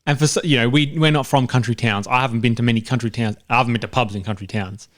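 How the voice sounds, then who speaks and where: A man's voice: medium pitch, fairly even intonation. A man co-hosting a film review podcast, chatting casually and jokily, often stopping and restarting his sentences. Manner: halting, restarts sentences, jokey. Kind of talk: casual chat.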